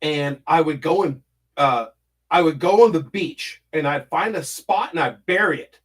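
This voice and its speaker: A man hosting a casual stream from his home, reading chat and drifting into long stories. His voice sits a bit high for a man. He swears constantly and fills pauses with hummed nonsense syllables. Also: breathy edge. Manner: rambling, swears a lot, hums filler syllables. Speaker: livestream host reading chat.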